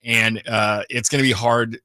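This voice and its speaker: A man chats casually on a sports radio show, piling up fillers and restarts as he goes. His voice is bright and forward, recorded close and dry with no room sound. His pitch sits in an ordinary middle range. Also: steady tone, a little slow, no echo. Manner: chatty, rambling, lots of fillers. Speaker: radio co-host.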